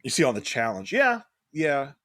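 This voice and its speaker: A man co-hosting a podcast in casual chat, animated and quick to laugh, acting out the people he talks about. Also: mid-range voice, no room sound, studio quality. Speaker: podcast co-host.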